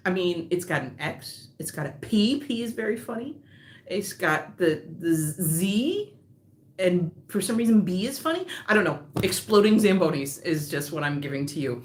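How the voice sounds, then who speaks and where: A woman's voice: lowish voice, animated, normal speed, reverberant. A woman who designs knitting patterns, hosting a live stream in casual chat that wanders off on tangents, laughing often.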